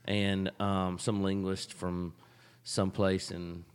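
A man's voice: low-pitched, level tone, takes it slowly, clear, resonant tone, long reverb tail. A man with an Alabama Southern accent, co-hosting a casual podcast chat and rambling through stories. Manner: chatty, rambling storyteller. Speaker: podcast co-host.

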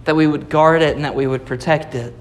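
A man's voice: fairly high pitch, steady tone, a little fast. A man preaching a Sunday sermon, explaining scripture patiently and repeating key phrases for emphasis. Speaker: pastor.

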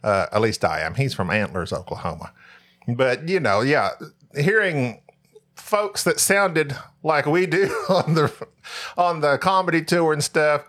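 A man's voice: on the high side, animated, unhurried, fairly bright tone. A man from Northeast Texas with a regional accent, hosting a podcast in rambling, self-mocking casual chat. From Paris, Texas. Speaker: podcast host.

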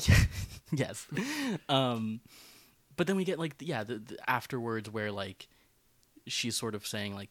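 A man's voice: lowish voice, measured pace, dry recording. Rambling man co-hosting a film podcast. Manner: rambling, many fillers and restarts. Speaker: podcast co-host. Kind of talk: casual film discussion.

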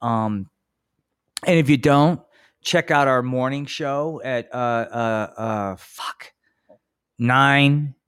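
A man's voice: mid-range voice, slow pace, long pauses, fairly bright tone, clean tone, no room sound, studio quality. A man hosting a live comedy podcast, rambling and laid-back with lots of swearing. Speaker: podcast host. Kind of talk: casual live podcast chat.

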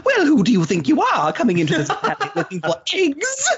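A man's voice: very high-pitched, huge pitch swings, a little fast, vocal fry, fairly bright tone, lo-fi sound, voice pushed up, heavily acted. A man voicing a prissy male cartoon villain in a put-on British accent. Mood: indignant.

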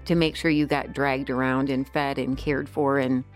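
A woman's voice: extremely low pitch, level tone, moderate pace, faint music behind. A woman co-hosting a podcast who reads Bible passages and chats in an earnest, reflective way, thinking aloud. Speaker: podcast co-host and scripture reader. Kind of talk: casual chat and Bible reading aloud.

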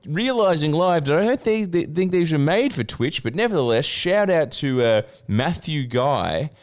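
A man's voice: fairly high pitch, animated, moderate pace. An Australian man co-hosting a podcast, reading out viewer requests in a loose, rambling way with laughs and swearing. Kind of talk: casual podcast chat.

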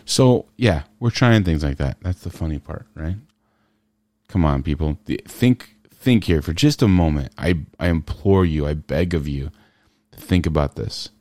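A podcast host in casual commentary, ranting sarcastically and firing off rhetorical questions. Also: male voice, extremely low pitch, unhurried, a little mellow.

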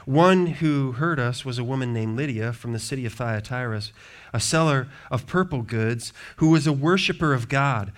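A man with an American accent, a pastor preaching a sermon and telling the stories in lively, acted-out voices. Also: on the high side. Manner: animated storyteller, acts out voices.

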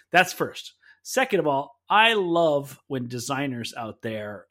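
A man's voice: mid-range voice, fairly bright tone. A man co-hosting a podcast, sharing opinions with casual enthusiasm. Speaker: podcast co-host.

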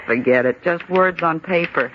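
An actress playing a brash, sarcastic young office typist in a 1940s radio drama, heard on an old broadcast recording. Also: female voice, low-pitched, moderate pace, lightly acted. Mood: wisecracking. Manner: sarcastic, brassy, loud. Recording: dull old radio broadcast, faint hiss.

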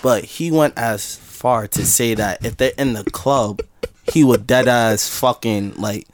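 A man on a casual podcast, telling a story and acting out the dialogue with animated banter. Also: medium pitch, measured pace. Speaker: podcast co-host.

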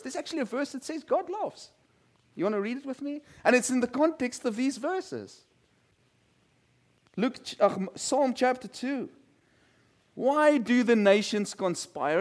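A man's voice: very high voice, expressive, moderate pace. A male pastor preaching a sermon and reading scripture, talking conversationally and putting questions to the congregation. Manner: conversational, asks the congregation questions, repeats words.

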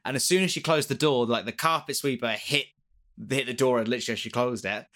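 Male co-host, casual rambling storyteller, mid-pitched, loose and swearing. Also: fast. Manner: rambling and animated, swears, laughs often. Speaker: podcast co-host.

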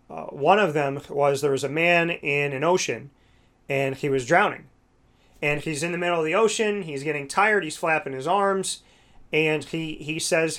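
A man's voice: on the high side, a bit bright. A man talking casually about faith and prayer, rambling, with many fillers. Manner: rambling, many "you know"s, restarts.

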